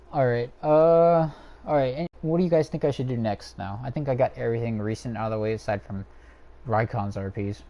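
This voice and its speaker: A man's voice: medium pitch, normal speed, warm tone, highs cut off. A young man hosting a livestream from home, ranting casually and profanely with many fillers and restarts. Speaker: livestream host ranking characters.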